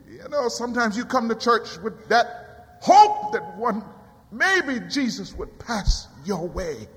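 A man preaching a sermon in a church, swinging from quiet low passages to high cries. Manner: dramatic rising cries and quiet drops. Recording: long hall reverb.

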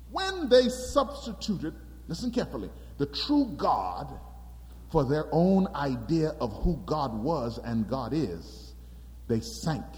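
A man preaching a sermon in an animated, emphatic way, calling out to his congregation. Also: a little high. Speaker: pastor. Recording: long hall reverb.

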